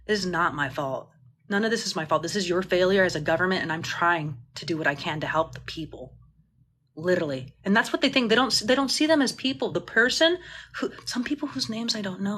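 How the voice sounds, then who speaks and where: A woman's voice: mid-range voice, a bit bright. A woman mutual aid organizer on a phone livestream, talking passionately and indignantly, swearing freely and rambling with restarts. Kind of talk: livestream Q&A rant.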